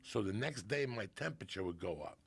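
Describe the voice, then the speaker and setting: Gravelly man telling profane stories. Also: lowish voice, expressive, fairly quick. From Cuban family in New Jersey. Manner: swears constantly, acts out family members mid-story. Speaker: podcast guest. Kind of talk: profane comic storytelling.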